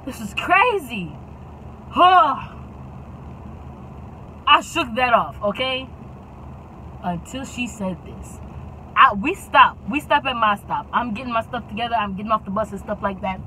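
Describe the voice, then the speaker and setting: A young woman tells a story in a lively, dramatic way and often checks in with "okay?" Her voice is bright and forceful, with faint traffic from outside the car she records in. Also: fairly high pitch, unhurried, long pauses, poor audio. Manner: animated, dramatic, keeps adding "okay?". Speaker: YouTube storyteller. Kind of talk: casual storytime.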